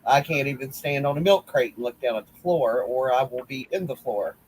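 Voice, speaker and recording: A man's voice: mid-range voice, brisk, a little hiss or hum, rough recording. A man telling rambling, teasing stories in a casual group chat. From West Virginia. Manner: rambling storyteller, folksy, teasing. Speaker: crochet group admin.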